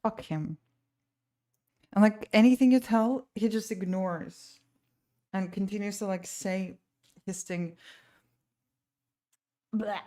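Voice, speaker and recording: Speaking slowly with long pauses, a woman with a warm, medium-pitched voice chats on her live stream as a painter. She vents with frustration, rambling and exasperated, restarting often and letting thoughts trail off.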